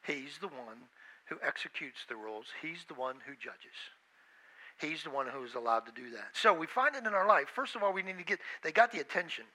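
A man's voice: a little high, expressive, a little fast, bright, forceful tone, poor audio. A man preaching a sermon with emphasis, repeating phrases and acting out the voices he quotes. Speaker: pastor.

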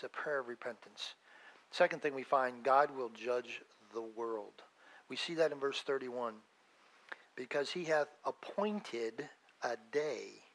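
A middle-aged male pastor preaching a sermon with emphatic swings between loud declarations and hushed asides. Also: medium pitch, low-quality recording.

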